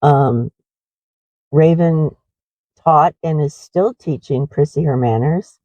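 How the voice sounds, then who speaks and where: A woman's voice: low voice, takes it slowly, warm tone, no echo, lo-fi sound. A middle-aged woman who runs a horse ranch, rambling in a confessional way with many fillers in a casual walking vlog.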